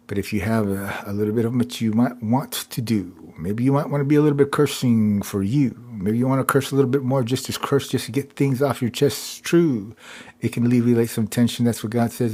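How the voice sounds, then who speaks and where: A man's voice: mid-range voice, brisk, warm tone, slightly rough. A man hosting a live stream, talking in a rambling, repetitive monologue that keeps circling back to "it's true.". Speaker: livestream host.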